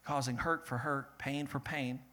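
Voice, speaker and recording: A young man preaching a sermon, animated and laughing, rising to loud peaks and dropping to a soft, earnest tone. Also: medium pitch, a little slow. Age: young adult. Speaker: pastor.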